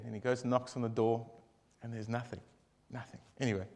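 A man leading a group devotion, telling a long joke in a casual, rambling, animated way with many asides. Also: medium pitch, brisk.

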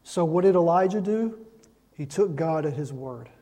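A man's voice: on the high side, expressive, normal speed, dark tone. A man preaching a sermon, emphatic and repeating lines to drive his points home. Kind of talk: sermon with Bible reading.

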